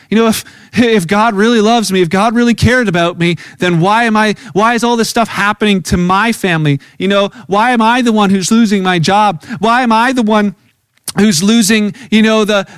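A man's voice: high-pitched, fairly bright tone, no room sound, rough recording. A middle-aged male pastor giving a conversational sermon, often restarting phrases and acting out quoted voices.

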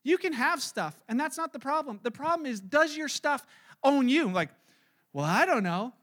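A man preaching a sermon in church, animated and acting out everyday scenes in little voices. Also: very high-pitched, moderate pace. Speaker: pastor. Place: church service.

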